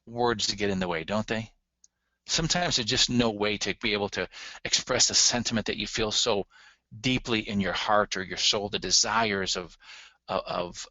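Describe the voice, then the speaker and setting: A man lectures earnestly, speaking straight to his listeners with firm emphasis. His voice is bright and forceful but sits a little low. The recording is dry and slightly dull. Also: no echo. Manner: earnest, emphatic, addresses audience directly. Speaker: relationship communication instructor.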